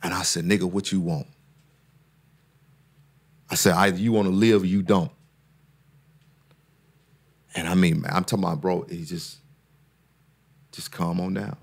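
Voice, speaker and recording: A man with a very low voice and a gravelly, creaky edge talks as a podcast guest. His delivery is earnest and preacher-like, building up when he drives a point home. He often repeats himself and restarts his sentences mid-thought. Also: fairly even intonation, moderate pace, long pauses. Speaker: therapist and guest speaker. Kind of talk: casual podcast conversation.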